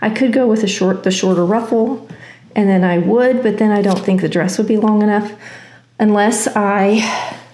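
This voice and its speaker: A woman's voice: mid-range voice, fairly even intonation, normal speed, mellow. A woman talking casually through a sewing project, thinking aloud and weighing choices with frequent ums. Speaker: sewing vlogger. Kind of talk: casual sewing tutorial talk. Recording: echoey room.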